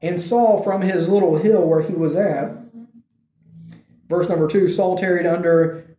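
A man giving a conversational sermon, telling a Bible story with animated delivery and acting out the quotes. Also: high voice, a little slow, reverberant. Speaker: preacher.

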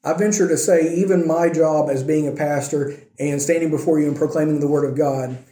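Male pastor, fairly high mellow voice, easygoing sermon delivery, roomy echo. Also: steady tone, brisk. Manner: conversational preaching, checks in with "right?" and "okay?".

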